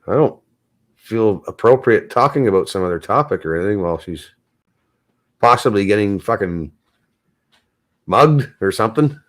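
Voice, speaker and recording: A man's voice: fairly low pitch, animated, moderate pace, pauses often. A man chatting casually on a live stream, rambling and swearing often. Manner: rambling, swears a lot, gets anxious. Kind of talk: casual chat.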